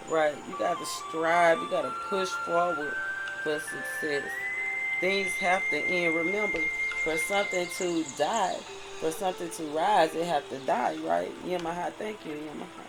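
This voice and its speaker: A tarot reader speaks a little slowly in a mid-range voice, giving a preachy spiritual monologue with music playing behind. The recording quality is low, and the reader blends read-aloud passages with sincere remarks, frequently asking "right?".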